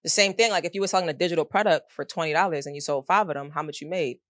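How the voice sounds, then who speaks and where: A woman in her thirties, a middle school math teacher, telling stories in an animated, slangy way during a casual interview. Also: low voice, very fast, no room sound, clean studio sound. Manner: animated storyteller, slangy and expressive.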